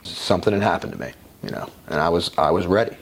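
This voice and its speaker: A man's voice: low-pitched, animated, fast talker, gravelly, slightly rough. A man guest in an interview, telling his own life story in a frank, conversational way with casual swearing. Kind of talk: candid personal storytelling.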